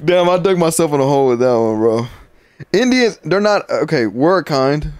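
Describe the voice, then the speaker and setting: Man, podcast co-host, lively swinging pitch, dry close sound, joking and crude. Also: normal speed, no echo. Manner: loud, joking, profane, animated. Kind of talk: casual podcast banter.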